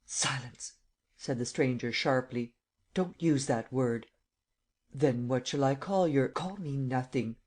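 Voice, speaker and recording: A man voicing a commanding imperial visitor who speaks calmly and evenly, in an audiobook reading. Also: medium pitch, slow pace. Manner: calm, even, stating rather than asking.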